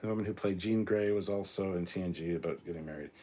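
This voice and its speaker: A man's voice: sits low, fast, dark tone. A man hosting a live stream, reading out chat comments in a casual, crude way with plenty of swearing. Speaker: host.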